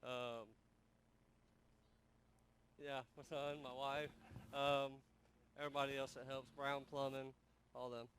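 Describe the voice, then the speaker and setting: A man's voice: medium pitch, flat delivery, takes it slowly, long pauses, fairly bright tone, a little hiss or hum. A race car driver, a man, introducing himself hesitantly and listing his backers. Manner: hesitant, reading off a list.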